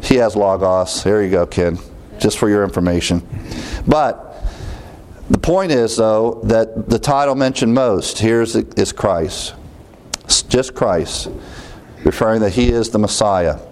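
A man's voice: fairly low pitch, a little slow, darkish tone. A man preaching a conversational Bible teaching to his congregation, listing word counts and lifting his voice on key words, with small jokes to the room. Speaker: pastor teaching a Bible study. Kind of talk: teaching sermon.

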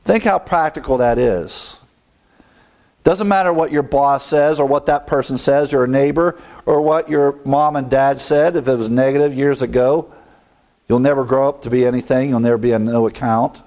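A man's voice: mid-range voice, fairly even intonation, normal speed, a little mellow. A middle-aged man preaching a sermon, emphatic, quoting scripture and asking the congregation rhetorical questions. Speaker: pastor.

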